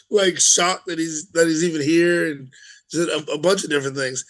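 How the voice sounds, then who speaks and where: A man's voice: on the high side, takes it slowly, pauses often, a bit bright, poor audio. A man co-hosting a podcast in casual chat, laughing often and trailing off with fillers. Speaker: podcast co-host.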